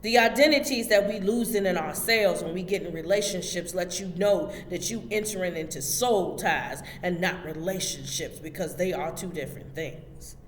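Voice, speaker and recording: Speaking at a moderate pace with few pauses, a host with a fairly low female voice preaches emphatically in a motivational spiritual talk. She addresses listeners directly in a preachy manner, and the echoey hall carries faint background noise.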